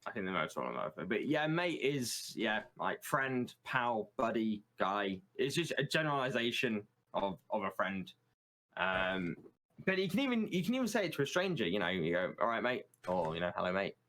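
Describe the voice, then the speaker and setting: A man's voice: fairly low pitch, very animated, moderate pace, fairly bright tone. A British man in casual chat as a guest, explaining words with plenty of ums and restarts. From United Kingdom. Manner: hesitant, many ums and restarts.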